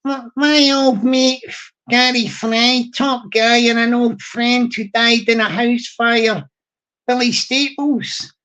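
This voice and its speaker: A woman reading a viewer's chat message aloud in a put-on Glaswegian accent, slowly and solemnly. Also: fairly high pitch, steady tone, a bit bright. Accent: put-on Glaswegian Scottish. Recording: dull lo-fi stream audio.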